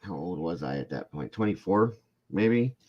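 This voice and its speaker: A man's voice: low-pitched, normal speed, muffled recording. A man from Ohio, a podcast guest, telling a long story casually and acting out the people in it. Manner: rambling, animated, acts out the people in his stories.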